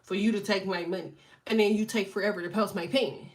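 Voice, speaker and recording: A woman's voice: medium pitch, fairly even intonation, fast. A woman in her thirties with allergies, chatting casually and animatedly as a livestream host, joking, swearing and laughing often.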